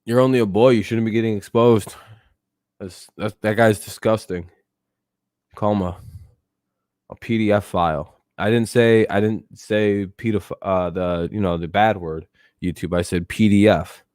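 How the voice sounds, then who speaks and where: A young male streamer talking loosely to his viewers, his voice sitting a little low. He rambles and swears freely, chuckling between thoughts. The sound is dry and close, with no room around it. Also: steady tone, measured pace, darkish tone, no room sound. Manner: rambling, profane, laughs often, talks to chat. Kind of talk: casual live-stream chat.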